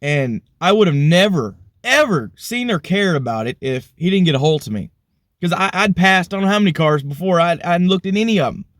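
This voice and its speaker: A married vlogger from Alabama with kids shares a casual spoken faith testimony, rambling earnestly and saying "you know" a lot. His voice is high, expressive, brisk, and a bit bright, in a dry studio-quality recording.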